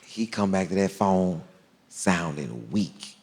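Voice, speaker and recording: Man, stand-up comedian, drawling storyteller, animated pitch, large theater stage, faint audience murmur. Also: slow, slight background noise. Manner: drawling, animated, deadpan punchlines. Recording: long hall reverb, faint crowd ambience.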